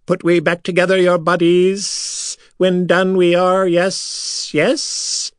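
A man's voice: high voice, monotone, slow, clear, resonant tone, no echo, clean studio sound, voice pushed up. A man voicing hissing, curious metallic creatures that speak in scrambled word order and end lines with "yes?". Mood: eager.

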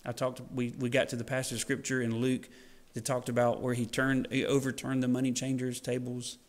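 A man preaching a sermon in a church, animated and folksy, acting out scenes and joking with the congregation. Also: mid-range voice, fairly quick. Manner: animated, acts out scenes in varied voices. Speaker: pastor. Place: church sanctuary.

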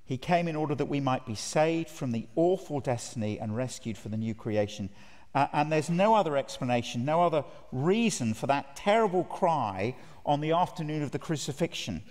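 A man's voice: a little high, animated, normal speed, darkish tone. A man preaching a sermon at a conference, earnest and emphatic, putting direct questions to his listeners. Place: large conference hall. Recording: reverberant hall.

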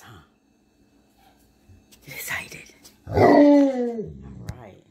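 A woman's voice: medium pitch, big pitch swings, slow pace, gravelly, pauses often, noisy background. Woman in sing-song pet talk. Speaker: dog owner. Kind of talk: chatting to her dogs on camera. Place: home kitchen.

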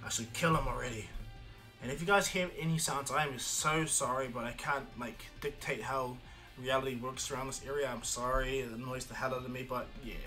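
A man narrating a homemade fan story in a loose, rambling way, restarting sentences and filling pauses. His voice is bright and forward, with faint music underneath. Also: medium pitch, fairly even intonation. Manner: rambling, many restarts and fillers. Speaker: fan storyteller, channel host.

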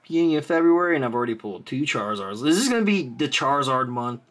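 A host excitedly opening trading card packs on camera, chatting casually, often exclaiming and apologizing, and drifting into rambling asides. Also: mid-range voice, quick pace. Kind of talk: casual pack-opening commentary.

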